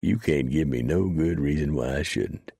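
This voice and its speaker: A man voicing a blunt, rough frontier mountain man who drawls in backwoods grammar with dry sarcasm. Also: rumbling low, normal speed, dark tone, no room sound, exaggerated voice. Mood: gruff.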